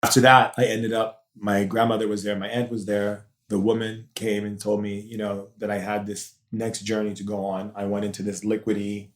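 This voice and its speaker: A man's voice: lowish voice, little pitch movement, normal speed, hardly any pauses. A man being interviewed on a podcast as a spiritual teacher, telling a personal story in an intense, emotional way. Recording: roomy echo.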